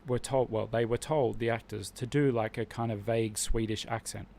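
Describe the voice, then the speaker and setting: A man's voice: mid-range voice, steady tone, normal speed, creaky, darkish tone, slight background noise. A man hosting a live stream, talking casually and with strong opinions, rambling and restarting his sentences often.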